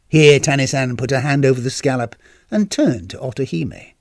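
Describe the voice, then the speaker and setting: A storyteller narrating a scripted story in a wry, expressive way. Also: mid-range voice, normal speed, gravelly, no room sound, clean studio sound.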